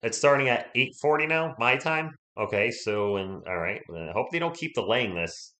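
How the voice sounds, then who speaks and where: Guy rambling on a sports livestream, voice a bit worn from being sick, mid pitch, greets the chat by name. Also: expressive, moderate pace, bright, forceful tone. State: voice recovering from illness.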